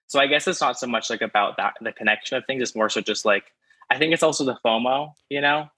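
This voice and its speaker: A man's voice: medium pitch, fast talker, pushed and bright, no room sound, rough recording. A young man calling in to an advice show, rambling with lots of fillers. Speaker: caller. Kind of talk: casual phone-in chat.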